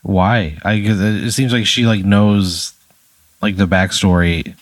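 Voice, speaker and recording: A man's voice: lowish voice, measured pace, dry recording. A man co-hosting, reacting to a comic scenario with exasperated, indignant protests. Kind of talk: improvised comedic back-and-forth.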